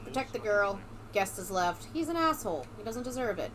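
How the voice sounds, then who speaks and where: A young woman giving casual, sarcastic gameplay commentary, excitable and swearing freely. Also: mid-range voice, brisk, slight background noise. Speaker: let's play streamer.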